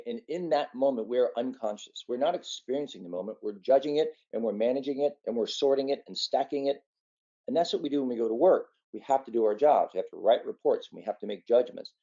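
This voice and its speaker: Male speaker, earnest meditation talk, mellow dark voice, dull lo-fi recording. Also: mid-range voice. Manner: earnest, conversational, tells a folksy story. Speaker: physician giving a meditation talk.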